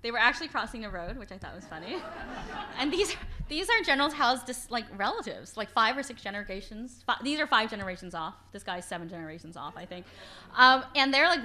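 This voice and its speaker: A woman author giving an informal lecture with slides, chatty and animated, laughing often and restarting her sentences. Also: on the high side, fairly quick. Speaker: author giving a book talk. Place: library event hall.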